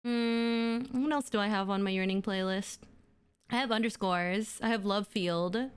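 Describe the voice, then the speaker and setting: Chatting with viewers on her stream, a young woman gushes bubbly enthusiasm and fills her speech with filler words. She has a smooth, mid-range voice and talks at a normal speed.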